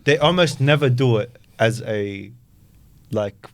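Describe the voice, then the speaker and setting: A podcast co-host sharing his views in casual chat, thinking out loud and using lots of filler words. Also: medium pitch, takes it slowly, a little hiss or hum. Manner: thoughtful opinions with filler words.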